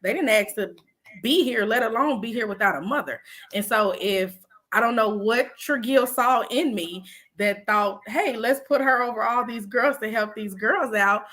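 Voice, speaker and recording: A woman mentor speaks earnestly and from the heart in a casual chat. Her voice is bright and forward. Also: a little high, moderate pace. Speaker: program assistant and mentor.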